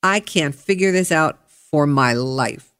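A woman hosting a podcast, telling a travel story in a chatty, candid way with bursts of excitement. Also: sits low, takes it slowly. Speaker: podcast host. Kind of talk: casual storytelling monologue.

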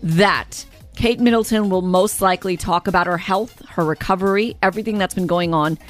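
A woman's voice: lowish voice, brisk, faint music behind. A woman presenting a celebrity gossip segment on a radio show, chatty and opinionated. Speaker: radio entertainment news presenter.

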